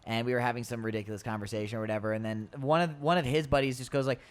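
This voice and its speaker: A podcast host tells a story in a casual chat, speaking rapidly in a smooth, medium-pitched voice. He is animated, laughs often and acts out what other people said.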